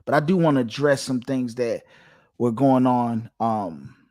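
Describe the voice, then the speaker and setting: A man's voice: medium pitch, unhurried, a little mellow. A man hosting his own channel, talking straight to his viewers in a lecturing, emphatic monologue that circles back and repeats its points. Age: adult, father of two. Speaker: channel host giving dating commentary. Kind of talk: direct-to-camera monologue.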